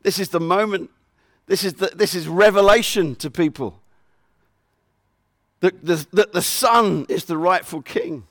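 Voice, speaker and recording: Earnest high-voiced male preacher, dry sound. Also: measured pace, pauses often, dry recording. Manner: earnest, repeats and stresses scripture verses. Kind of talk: sermon.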